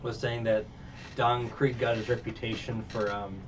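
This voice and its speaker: A man's voice: medium pitch, level tone, moderate pace. A man giving a casual, rambling recap of a show, full of fillers and laughs. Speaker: reviewer. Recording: distant dull mic with faint noise.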